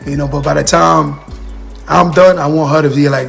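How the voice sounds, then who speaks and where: Guy doing a motivational livestream, kinda gravelly, a bit high, earnest, keeps repeating himself, faint music behind. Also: steady tone, normal speed. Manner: earnest, repetitive, addresses viewers and comments directly. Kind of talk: casual motivational talk.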